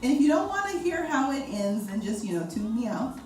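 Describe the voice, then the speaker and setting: A woman in her forties sharing her personal testimony as a guest speaker, animated and laughing often. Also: fairly high pitch, fairly quick. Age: 40s. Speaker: guest speaker, breast cancer survivor. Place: event hall. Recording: echoey hall, far from the mic, noisy.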